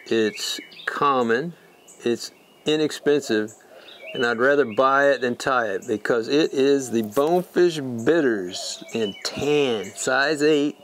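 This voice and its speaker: A man's voice: medium pitch, a little hiss or hum. A man giving a casual, folksy fly-fishing tutorial, emphatic and repeating words for stress. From Texas.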